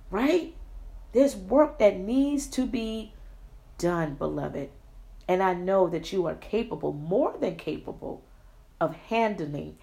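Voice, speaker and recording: A woman's voice: medium pitch, gravelly, a little mellow. A woman hosting an inspirational Christian podcast, exuberant and preacherly, calling listeners "beloved" and "Shugs". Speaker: podcast host.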